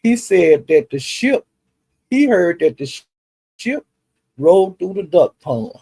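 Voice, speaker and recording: A man's voice: sits high, sing-song, unhurried, dark tone, slightly rough. A man, recapping online drama in a rambling, folksy way full of fillers. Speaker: YouTube commentary host.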